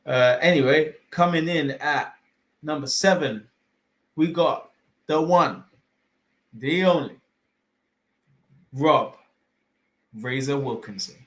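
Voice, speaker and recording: A man's voice: a little high, takes it slowly, long pauses, fairly bright tone, poor audio. A man hosting a casual fight podcast, rambling with lots of fillers and restarts and casual swearing. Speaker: podcast host.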